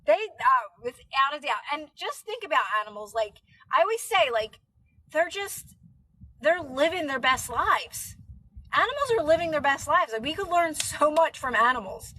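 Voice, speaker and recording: Bright high-voiced woman chatting on a live stream. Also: animated, normal speed, rough recording. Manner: chatty, rambling with many fillers. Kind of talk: casual live stream chat.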